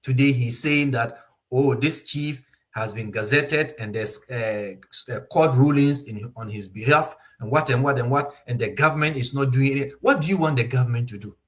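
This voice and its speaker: Male commentator, impassioned and mocking, animated delivery. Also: normal speed. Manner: animated, mocking, raises pitch sharply to voice others, laughs often. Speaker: political commentator.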